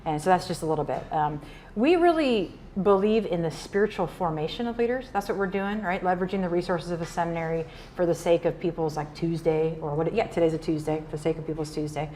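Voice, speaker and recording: A woman's voice: lowish voice, fast, dark tone. Woman, from Nebraska, keynote speaker, casual chatty delivery, faint room noise. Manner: chatty, uses "like" and "y'all". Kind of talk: casual conference talk. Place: luncheon event room.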